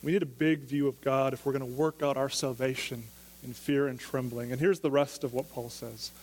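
This man's medium-pitched, slightly mellow voice carries fairly even intonation and a little speed as it fills a big room. He is a pastor preaching a sermon, talking in a conversational tone and questioning his listeners again and again.

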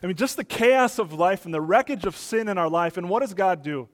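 A middle-aged man preaching a sermon as pastor, building to loud emphatic peaks and dropping soft. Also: sits high, animated, fairly quick.

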